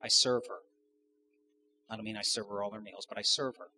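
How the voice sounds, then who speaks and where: A man's voice: on the low side, steady tone, brisk, bright, forceful tone, slight background noise. A man preaching a sermon to his congregation, conversational, asking the audience questions and adding joking asides. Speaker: pastor.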